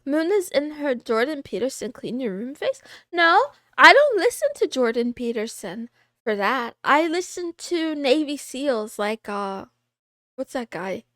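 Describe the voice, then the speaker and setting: Here the VTuber sits high in pitch and sounds very animated yet unhurried, with a fairly bright tone. Giggly and playful, she reads viewer names aloud on her casual livestream and meows in a cat persona, captured in clean, echo-free studio sound.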